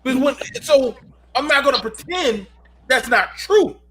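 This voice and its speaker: A man's voice: extremely high pitch, expressive, unhurried, a bit bright. A man in his thirties hosting a heated panel call, preachy and emphatic, often repeating himself. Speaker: host of a panel call show.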